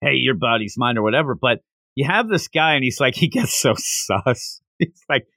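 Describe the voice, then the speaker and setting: A man talks animatedly through a manga chapter, jumping into characters' voices as he explains. His tone is bright and forceful. The sound is close and dry, with no room echo. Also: medium pitch, moderate pace. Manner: animated, acts out characters' lines. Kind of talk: casual chat about a manga.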